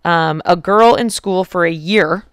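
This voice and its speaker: Smooth-voiced female podcast co-host. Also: lowish voice, unhurried, no room sound, clean studio sound. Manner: chatty, with frequent fillers and restarts. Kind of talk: casual podcast chat.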